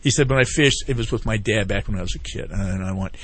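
On the low side and quick, this man's voice is a bit bright with a breathy edge, recorded without echo. He's a veteran appearing as a guest on a casual talk-radio interview to promote a fishing group. He rambles through long stories, often retelling what other people said and circling back as he goes.

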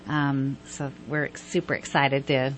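A woman's voice: extremely low pitch, level tone, slow pace. A woman guest on a radio show, upbeat as she promotes a charity ride. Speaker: university event guest. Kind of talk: radio interview.

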